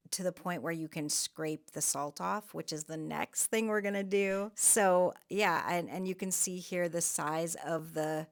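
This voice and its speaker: A woman art vlogger narrates her watercolor work in a loose, chatty voice-over. Her voice sits a bit low, and she talks with easy enthusiasm, wandering off into friendly tangents. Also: gravelly. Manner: chatty, enthusiastic, rambling asides.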